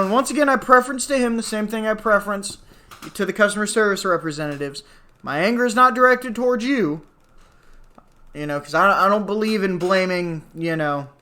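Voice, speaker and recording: A man's voice: high-pitched, pushed and bright. A man in his twenties ranting casually to his viewers, exasperated and sarcastic, swearing freely and rambling through asides. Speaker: vlogger. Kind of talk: casual rant to camera.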